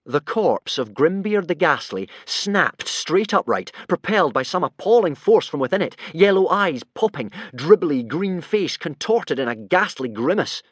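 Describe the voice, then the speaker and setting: A man reading a children's audiobook aloud with lively, expressive narration. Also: on the high side, unhurried, hardly any pauses, dry recording, clean studio sound. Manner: lively, voices many characters.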